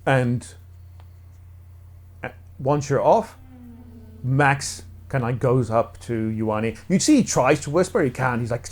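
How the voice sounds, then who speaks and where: A man's voice: mid-range voice, slow pace, pauses often. A man narrating as game master in a casual, rambling way with many fillers. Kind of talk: narrating a tabletop role-play.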